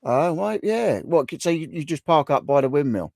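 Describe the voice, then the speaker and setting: A man's voice: on the high side, big pitch swings, normal speed, gravelly, a little mellow, no echo, clean studio sound. A man from England hosting a casual live stream chat, greeting viewers by name in a chatty way. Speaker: livestream host.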